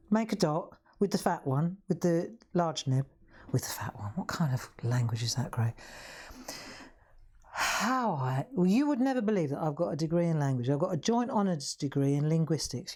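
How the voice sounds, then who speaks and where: A woman's voice: lowish voice, a little mellow. A middle-aged woman with a Southern English accent, hosting a live craft demonstration in a chatty, self-mocking way and laughing often. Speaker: craft show host. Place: craft room.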